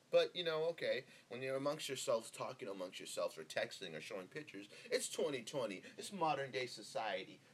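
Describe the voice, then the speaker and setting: A young man from Northern California hosting his own podcast in a rambling, profane, laid-back solo monologue full of fillers, speaking close into the mic. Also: fairly high pitch. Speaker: podcast host. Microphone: close podcast microphone.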